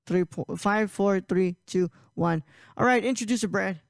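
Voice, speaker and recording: A man's voice: sits high, normal speed, gravelly, clean tone, no room sound. A man hosting a casual podcast, rambling with frequent laughs and restarts. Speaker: podcast host.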